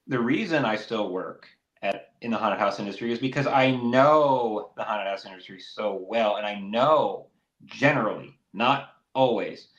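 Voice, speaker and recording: A man's voice: lowish voice, muffled recording. A man co-hosting a casual faith podcast, talking earnestly and at length, and acting out critics with sudden bursts of energy. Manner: earnest, rambling, animated when mimicking others. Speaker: podcast co-host. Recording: roomy echo.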